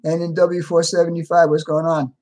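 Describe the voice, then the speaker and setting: A man's voice: a little high, little pitch movement, fairly quick, a little mellow. Casual man greeting his stream viewers. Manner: reads out viewer names and replies to chat. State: a little tired. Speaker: livestream host.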